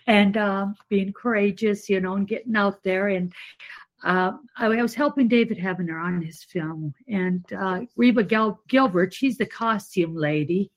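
Animated woman caller telling a story. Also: mid-range voice, a little slow, rough recording. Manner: animated storytelling with many fillers.

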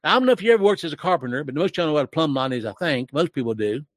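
A man's voice: fairly high pitch, animated, very fast, no room sound. Older man preaching, close and dry. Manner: emotional, preachy, rising to raised voice. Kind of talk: sermon-like commentary.

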